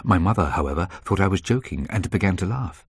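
Guy reading a thriller aloud, deep husky voice, measured and tense. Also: dry recording, clean studio sound. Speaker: audiobook narrator. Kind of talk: scripted narration.

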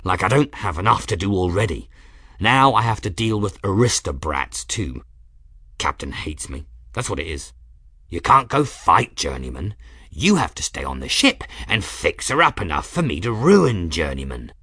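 A man voicing a gruff, foul-mouthed middle-aged ship engineer in an audiobook, snarling and growling. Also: deep voice, very animated, moderate pace, pushed and bright, no room sound, clean studio sound, exaggerated voice. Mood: grumbling.

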